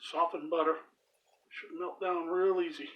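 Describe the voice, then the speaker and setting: A man's voice: on the high side, little pitch movement, a little slow, dull audio. A man hosting a home cooking channel, telling a crude, profanity-filled story with laughs while he makes bread. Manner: profane, laughing, rambling anecdote delivery.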